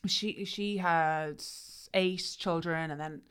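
A woman, talking in a relaxed, chatty way. Her voice sits a little low, and she brings her stories to life by acting out what people said. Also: takes it slowly, clear, resonant tone. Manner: chatty, animated storytelling. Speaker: guest. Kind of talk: casual chat.

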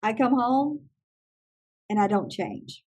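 Husky-voiced woman telling animated stories. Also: a little high, slow pace. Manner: animated, acts out other people's lines. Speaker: teacher trainer and classroom consultant. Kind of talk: conversational interview storytelling.

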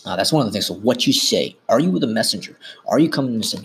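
A man's voice: lowish voice, animated, fast, hardly any pauses, slightly rough. A man hosting a podcast, talking informally and instructively in a casual monologue, often correcting himself mid-sentence. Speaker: podcast host.

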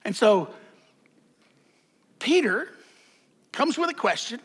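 A man's voice: very high-pitched, very animated, slow, a bit bright, breathy edge. A man preaching a sermon as pastor, conversational, with joking asides and repeated words.

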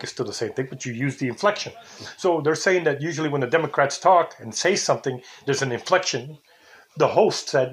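An older man rants indignantly as a talk-show host, his voice sitting a little higher than most men's. He wanders from point to point and sometimes mimics how other people talk. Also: lively intonation, a little fast. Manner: rambling, indignant, mimics intonations. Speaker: podcast host. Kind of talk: casual talk show monologue.

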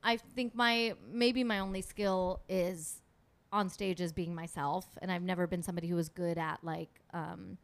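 A woman's voice: lowish voice, fairly even intonation, normal speed, dry recording. A young woman comedian chatting casually as a podcast guest, telling self-deprecating stories with frequent laughs.

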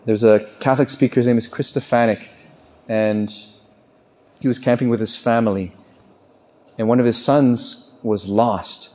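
A man preaches a sermon earnestly with fairly even intonation, yet he lifts his voice on questions. On the key lines he slows down and turns soft and low.

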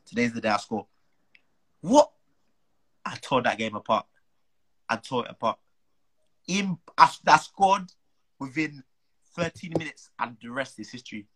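A young man, a footballer telling an animated, slang-filled story as a guest. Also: mid-range voice, unhurried, long pauses, husky, poor audio. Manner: animated, slang-heavy, acts out the people he quotes. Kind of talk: casual storytelling.

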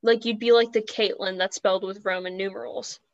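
A woman's voice: mid-range voice, steady tone, brisk, no echo. A young woman co-hosting a podcast, chatting casually and playfully teasing her co-host. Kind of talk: casual chat. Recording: muffled lo-fi podcast audio.

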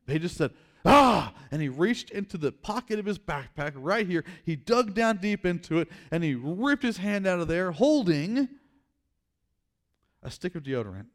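A man preaching a sermon through a story, acting out scenes loudly and dropping quiet for his main points. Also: sits high, moderate pace. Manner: animated, acts out scenes, drops quiet for emphasis. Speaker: pastor.

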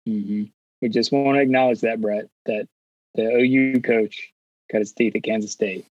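A man's voice: fairly low pitch, steady tone, normal speed, darkish tone, no room sound, highs cut off. A man co-hosting a sports podcast, talking casually with a teasing manner. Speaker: podcast co-host.

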